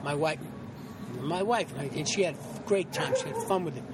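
A man's voice: on the high side, animated, normal speed, heavy background noise. A middle-aged man, an actor, telling anecdotes in a casual interview, rambling with many restarts and acting out quotes.

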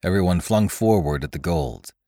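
A man narrating an adventure story for a podcast in a steady, measured way. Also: sits low, no room sound, clean studio sound.

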